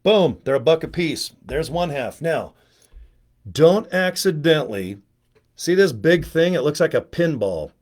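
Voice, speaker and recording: A man's voice: a little high, animated, measured pace, darkish tone. A middle-aged man chatting casually at home on a webcam livestream, rambling, joking and cursing freely. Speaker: video host. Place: at home, indoors.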